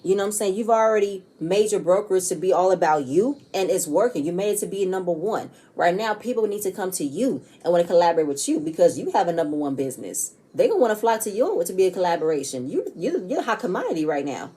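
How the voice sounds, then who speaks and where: A chatty woman recaps a reality show episode in a casual, blunt way. Her voice sits a bit low and sounds warm and mellow, and she swears freely as she goes. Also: very animated, fast, hardly any pauses, breathy edge. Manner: chatty, repeats "you know what I'm saying", swears freely.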